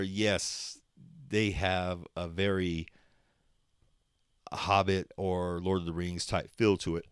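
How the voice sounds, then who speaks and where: A deep-voiced podcast host talks slowly and steadily in a clean, echo-free studio recording. Alone on his show, he rambles casually, swears a lot, laughs often, and sometimes shifts into a motivational pep talk.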